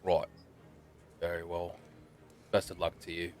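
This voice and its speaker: A man playing a deep, calm male survivor. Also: a little slow, a little hiss or hum. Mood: gruff. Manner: calm, reassuring. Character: steady male survivor staying behind, calm and reassuring. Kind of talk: tabletop role-play.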